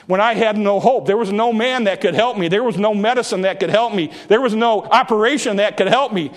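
A man voicing a healed male leper who is overjoyed and loudly praising God. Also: lightly acted. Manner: shouting, high-pitched exultant praise.

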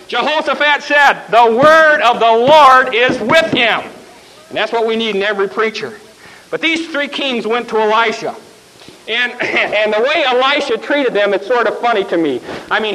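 Male preacher, very high voice, folksy animated storyteller. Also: rough recording. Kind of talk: sermon.

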